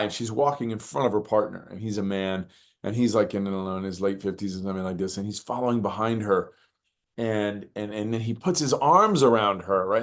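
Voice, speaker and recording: Male guest, fairly low voice, earnest storyteller who breaks into acted-out exclamations. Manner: animated, acts out shouted quotes, many "you know" fillers. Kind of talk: reflective storytelling in conversation.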